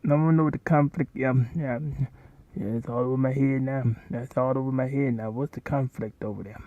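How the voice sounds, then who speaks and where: A man hosts while a video plays, rambling and commenting casually and often repeating himself. His mid-range voice is brisk and dark in tone, with no echo, on a dull, lo-fi home recording.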